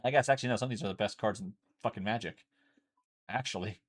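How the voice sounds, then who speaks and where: A man's voice: on the low side, fast. A man casually chatting and explaining a card game as he streams from home, loose and chatty, swearing freely. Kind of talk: casual chat while playing.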